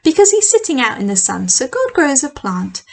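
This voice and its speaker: A middle-aged woman leading a children's church session, telling a Bible story with props in an animated, expressive way. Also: high-pitched, normal speed, vocal fry, rough recording.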